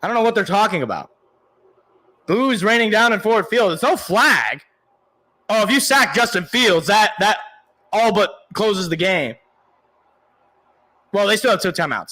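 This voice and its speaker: A man giving excited live play-by-play as a fan, yelling at big plays with a voice worn from shouting. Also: sits high, low-quality recording. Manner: yells and cheers at big plays, sings along. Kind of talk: excited live reaction commentary.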